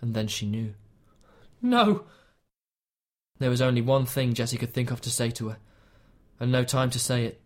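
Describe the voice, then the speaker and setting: Male audiobook narrator, mid-pitched, measured, even delivery for tense fiction. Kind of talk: scripted narration.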